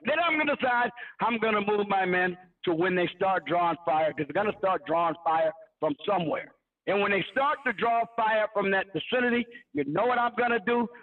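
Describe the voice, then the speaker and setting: A combative man argues over a tinny phone line, his voice pitched very high. He lectures in military terms and sounds distant from the mic. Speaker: caller. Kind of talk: heated call-in argument.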